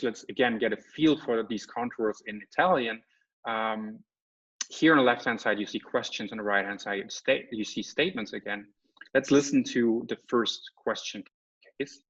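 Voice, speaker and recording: Brief: male guest lecturer, mid-pitched, explanatory, checking in with the audience, dull lo-fi video-call sound. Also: moderate pace, a bit bright. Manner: explanatory, checks in with "right?" and "okay?". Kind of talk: academic lecture. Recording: slightly muffled lecture audio.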